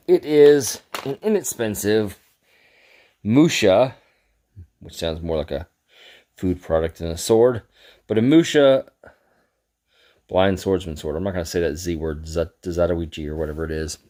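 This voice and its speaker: A man's voice: deep voice, darkish tone. A man talking casually on camera as he shows off his swords, rambling and poking fun at himself. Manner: rambling, self-deprecating, chuckles at himself. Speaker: sword collector reviewing his gifts. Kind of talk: casual show-and-tell vlog.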